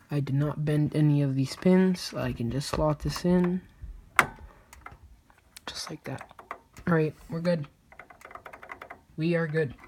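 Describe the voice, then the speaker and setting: A woman's voice: deep voice, noisy background. A woman casually talking viewers through building a computer, chatty and a little slurred. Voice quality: slurred speech. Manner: chatty, addresses viewers as guys. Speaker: PC builder vlogger.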